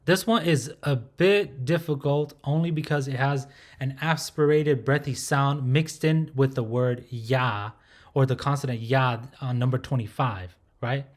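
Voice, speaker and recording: A man at a middle pitch works through a recorded pronunciation lesson. He says each sound slowly and more than once, and he keeps checking in with a quick "right?" His tone stays patient and methodical. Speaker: language teacher.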